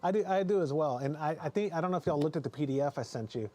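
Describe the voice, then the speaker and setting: A man's voice: fairly high pitch, expressive, very fast, dark tone. A man hosting a casual podcast chat, talking in a rambling, self-correcting, jokey way, with a mild speech impediment. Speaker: podcast host.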